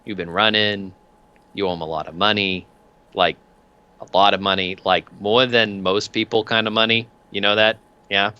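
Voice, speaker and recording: A man's voice: fairly low pitch, steady tone, normal speed, bright, forceful tone, smooth. A man voicing a cheerful, menacing male debt collector who makes threats in a chummy, wheedling way, on lo-fi call audio.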